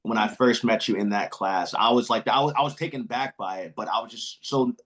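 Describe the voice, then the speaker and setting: A young man hosting a podcast, speaking earnestly and in a heartfelt, halting way. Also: fairly low pitch, a bit bright. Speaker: podcast host. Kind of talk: casual interview chat.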